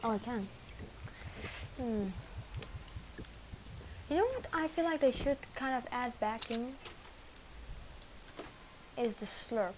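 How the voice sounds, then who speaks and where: Taking it slowly with long pauses, a woman with a slightly high, expressive voice streams a match from her home. Her gameplay commentary rambles, full of self-mockery, fillers and restarts, and clear background noise can be heard.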